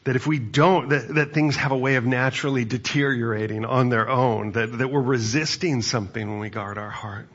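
A man's voice: medium pitch, fairly even intonation, fairly quick, few pauses, a bit bright, dull audio. A male pastor preaching a sermon in an earnest, reflective way, often restarting his phrases.

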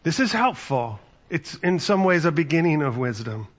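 In lo-fi sound, a man preaches a sermon in a conversational way, weaving stories and performing the quotes within them. His voice is a little high, moving at a moderate pace with big pitch swings.

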